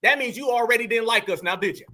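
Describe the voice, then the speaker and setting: American commentary host, very high bright voice, heated repeating rant. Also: male voice, fast talker, slight background noise. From United States. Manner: animated, heated, repetitive and profane. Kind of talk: reaction commentary to a live chat.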